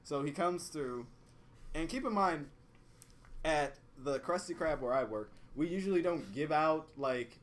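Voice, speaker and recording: A young man, podcast co-host, telling a work story in a casual, profane, animated way and acting out both sides. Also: a little high, unhurried.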